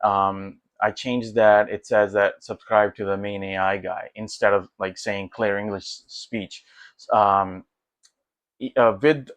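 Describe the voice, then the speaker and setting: Guy on a tech vlog, lowish voice, rambly and easygoing, lots of ums, dry close sound. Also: slow pace, dry recording. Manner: rambling, many fillers and restarts; excited, easygoing. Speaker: tech vlogger. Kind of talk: casual walkthrough commentary.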